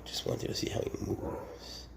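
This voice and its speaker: A man's voice: moderate pace, echoey room, noisy background. A man keeping exotic animals who talks casually and affectionately, often cooing to them. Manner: chatty and affectionate, coos to his animals. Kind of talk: casual vlog talk.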